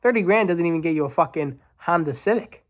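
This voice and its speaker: Heard through a muffled recording, a fairly high-pitched man in his twenties hosts a podcast. He curses a lot while ranting with real fire, stopping occasionally to think.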